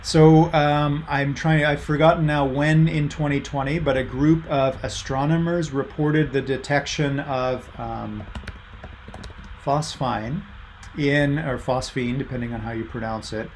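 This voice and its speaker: A man's voice: a little high, steady tone, moderate pace, few pauses, slight background noise. A middle-aged man giving a university lecture over a video call, in a casual way with many fillers, reading out student answers from the chat. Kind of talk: online lecture.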